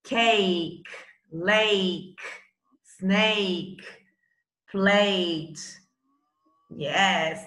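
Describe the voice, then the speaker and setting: Slow, bright-voiced woman teaching. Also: medium pitch, reverberant, poor audio. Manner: slow, encouraging drilling of words. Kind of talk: bilingual classroom lesson.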